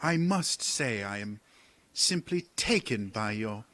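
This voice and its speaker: A man's voice: fairly low pitch, sharp tone, no room sound, exaggerated voice. A man voicing a poised, formal female wood elf leader in a tabletop game. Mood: sarcastic. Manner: formal, measured, coolly polite.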